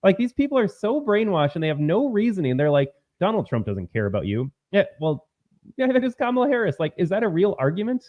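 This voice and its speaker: Emphatic higher-voiced male co-host. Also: big pitch swings, quick pace, no room sound. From Minnesota. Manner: emphatic, argumentative commentary. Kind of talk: casual political talk. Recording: slightly dull lo-fi audio.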